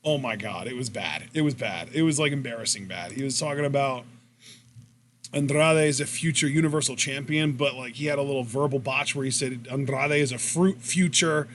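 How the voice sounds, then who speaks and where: A man's voice: medium pitch, fairly quick, a little hiss or hum. A man co-hosting a wrestling podcast in casual commentary, rambling and swearing as he retells matches. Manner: rambling, profane, animated retelling.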